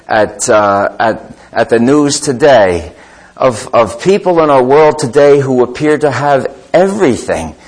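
A man preaching a sermon, telling a Bible story with lively storytelling and reading scripture aloud. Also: fairly high pitch, poor audio. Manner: animated storytelling, voices the disciples and Jesus.

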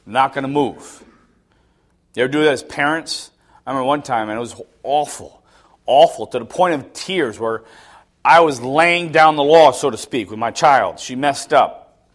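A middle-aged man preaching a sermon, telling stories with self-mocking laughs, dropping to low mutters and rising to loud, high exclamations. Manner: laughs at himself between lines. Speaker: pastor.

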